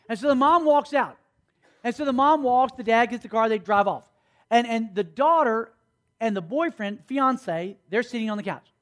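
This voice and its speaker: In a sermon, a male youth pastor with a very high, expressive, fairly bright voice speaks at normal speed. He spins stories, plays the characters himself, and prompts the group to respond.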